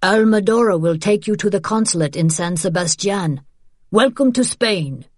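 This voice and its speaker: A woman narrator voicing a calm, steady male guide who gives measured, urgent instructions. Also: medium pitch, no echo, studio quality, pitched above the performer's own voice, natural voice. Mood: warm.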